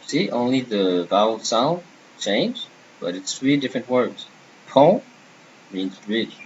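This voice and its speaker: A man's voice: mid-range voice, very animated, unhurried, dull audio, a little hiss or hum. A man teaching a beginner French lesson, patiently repeating and modeling each word.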